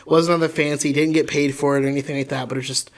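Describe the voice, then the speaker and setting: Fast-talking, rambling male comedian. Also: on the high side, little pitch movement. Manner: rambling, lots of filler words. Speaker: comedian guest. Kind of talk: casual podcast chat.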